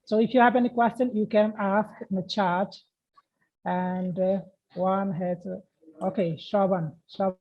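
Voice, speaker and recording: A woman's voice: medium pitch, fairly even intonation. Woman host on a muffled stream. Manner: halting non-native English with many uhs. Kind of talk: hosting a live English chat. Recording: muffled online audio.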